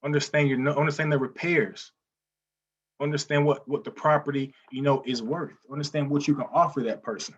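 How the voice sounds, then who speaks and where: Energetic man teaching on a lo-fi webinar. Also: a little high, a little fast, breathy edge. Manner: energetic, repeats himself, says "listen, man" often. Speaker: real estate wholesaling teacher.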